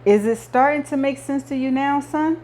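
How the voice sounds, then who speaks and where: Voicing an older male mob boss for an audiobook, a woman gives him a menacing, jovial movie-gangster way of talking. Her voice is high and darkish, pushed up yet close to her everyday speech, at a moderate pace.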